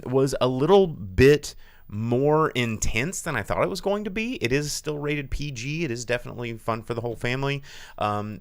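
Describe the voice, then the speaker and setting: A man's voice: fairly high pitch, clean tone, no room sound, studio quality. A man hosting a casual movie review chat, rambling with lots of fillers and restarts. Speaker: podcast host.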